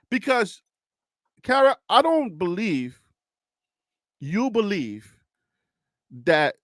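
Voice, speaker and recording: Man, high voice, dry close sound, chatty political talk host who laughs a lot and repeats himself. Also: fairly bright tone, dry recording. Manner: chatty, laughs often, repeats phrases while thinking. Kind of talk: casual political talk to a viewer.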